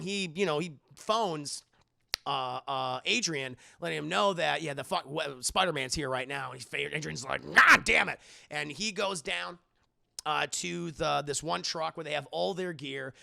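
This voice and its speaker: A man excitedly recapping a film scene by scene on a live stream, swearing freely. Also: a little high, gravelly.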